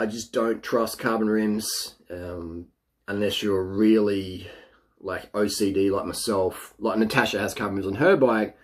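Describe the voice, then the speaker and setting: A middle-aged man giving blunt, boastful cycling advice in casual talk, sometimes mocking others in a silly voice. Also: lowish voice. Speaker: cycling vlogger.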